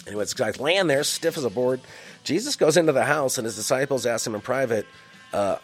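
A man with a medium-pitched, animated voice reads Bible passages a little fast over faint background music. Between scripture lines he breaks in with wisecracking, slangy asides as both reader and commentator.

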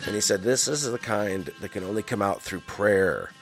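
Reading scripture over music at a normal speed, this man has a voice on the low side. He keeps interrupting the Bible passages with slangy jokes and commentary.

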